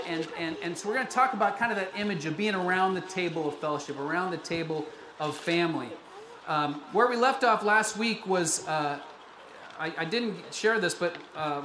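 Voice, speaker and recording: A man in his forties from the United States, a pastor giving a chatty, personal, self-deprecating sermon in a church sanctuary. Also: high voice. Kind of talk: conversational sermon. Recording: echoey room with background noise.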